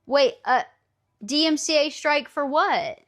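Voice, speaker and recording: Lively, teasing woman streamer. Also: high-pitched, slow. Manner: animated, teasing, swears casually. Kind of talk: casual chat with stream chat.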